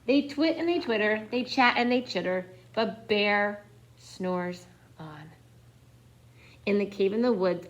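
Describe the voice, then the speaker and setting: A young woman reading a picture book aloud for children, expressive and dropping into whispers. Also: mid-range voice. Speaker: storyteller.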